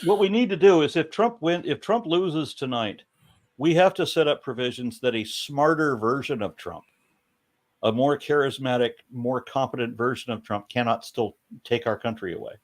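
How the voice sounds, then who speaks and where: A man's voice: medium pitch, moderate pace. Earnest American man hosting a livestream. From United States. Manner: earnest, argumentative commentary. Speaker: livestream host. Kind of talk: casual livestream panel chat.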